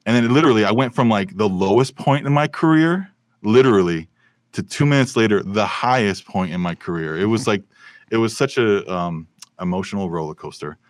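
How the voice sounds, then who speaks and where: A man's voice: lowish voice, a little fast, no echo. A man, a film and television sound mixer, telling stories animatedly in a casual podcast interview. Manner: animated storyteller with many fillers and restarts.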